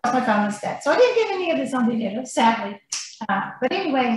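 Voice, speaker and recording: Podcast guest, woman, chatty storyteller, higher voice, heavy room echo. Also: fast talker, soft background music. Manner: animated, rambling, laughs between lines. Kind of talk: casual storytelling. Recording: very echoey room, faint noise.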